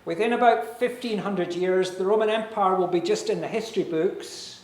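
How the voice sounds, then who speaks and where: A man preaching a sermon as pastor, earnest and persuasive, with dramatic pauses. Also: sits high. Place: church hall. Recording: echoey church hall.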